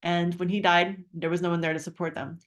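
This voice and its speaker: A middle-aged woman with a somewhat low voice shares a personal story in a warm, chatty way. She trails off and restarts often, then moves into an earnest pitch to join her business. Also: flat delivery, a little fast. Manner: heartfelt, chatty, many fillers and restarts. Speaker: wellness business presenter.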